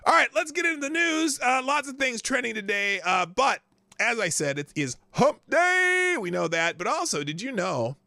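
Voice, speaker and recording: A male news livestream host with a high-pitched, animated voice, vocal fry and a sharp tone speaks at a moderate pace. He chats casually, greets viewers by name and often trails off mid-sentence, on a dry recording.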